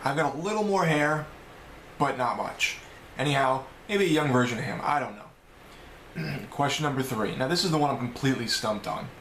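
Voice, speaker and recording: Talking casually to his camera at home, a video blogger with a New York accent rambles through a list of questions at normal speed, chatty and quick to correct himself. His mid-pitched voice is fairly bright, and the roomy, echoing space has a faint hum of ambience.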